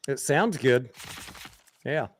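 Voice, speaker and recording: A man's voice: medium pitch, expressive, slow pace. Laid-back man hosting a live stream. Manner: laid-back, jokey, reads chat aloud. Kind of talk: casual live stream chat.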